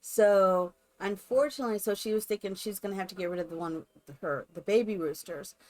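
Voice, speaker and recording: A woman's voice: mid-range voice, a little fast, a little mellow. A woman live streamer chatting casually and rambling to her viewers while she builds in a game. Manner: chatty, rambling, talks to chat.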